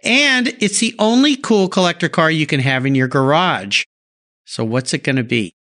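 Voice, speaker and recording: A man's voice: on the high side, expressive, normal speed, bright, forceful tone. A man hosting a podcast, asking questions with upbeat enthusiasm. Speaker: podcast host. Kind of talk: podcast interview.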